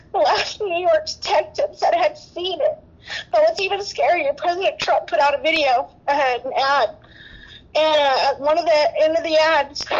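A woman's voice: high voice, dull audio. A woman nurse, tearful and emotional, rambling through an interview with many restarts. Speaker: guest nurse.

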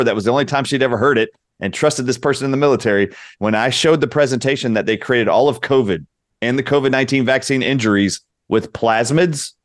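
A man's voice: medium pitch, no room sound, studio quality. A man speaking as a doctor guest in an interview, insistent and lecturing. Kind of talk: interview talk.

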